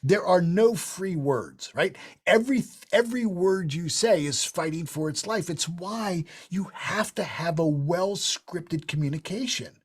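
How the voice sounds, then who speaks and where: A man's voice: high voice, husky. A middle-aged man leading an online sales training session, talking emphatically and shifting his tone to show examples. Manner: animated, emphatic, demonstrates tonalities with quick voice shifts.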